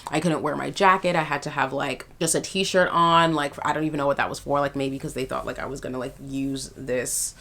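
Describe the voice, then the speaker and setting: A woman's voice: extremely low pitch, fairly even intonation, fairly quick, few pauses, a bit bright. A young adult woman vlogger telling a personal story in a casual, emphatic way, full of fillers.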